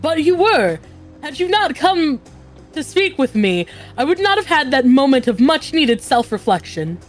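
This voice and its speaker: A woman reading out a humble male artisan's lines from a game, plainly and a bit haltingly. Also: high voice, sing-song, faint music behind. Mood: earnest. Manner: read aloud haltingly, plain without accents.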